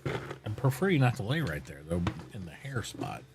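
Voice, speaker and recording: Guy streaming from home, lively up and down voice, goes soft and fond talking to his dog, faint hiss behind. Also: on the low side, normal speed. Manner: chatty, talks fondly and softly to his dog. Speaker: live streamer. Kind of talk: casual chat while streaming.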